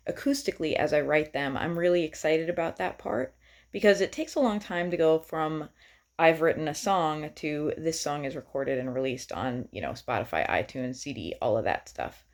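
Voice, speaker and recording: Chatty, enthusiastic woman songwriter. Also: sits low. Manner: chatty and enthusiastic, with many fillers. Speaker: singer-songwriter. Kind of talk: casual vlog to viewers.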